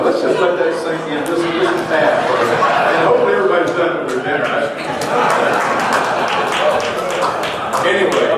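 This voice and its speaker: A middle-aged man giving a teasing roast speech at a banquet, telling anecdotes with dry punchlines. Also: mid-range voice. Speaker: roast speaker at an awards dinner. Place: large banquet hall. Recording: very echoey hall, distant mic, faint room noise.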